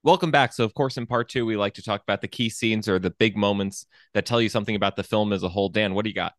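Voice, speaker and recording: Low-voiced man co-hosting a film chat. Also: a bit bright, dry recording. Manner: thoughtful, measured, with fillers and restarts. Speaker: co-host of a film podcast. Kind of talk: casual conversation.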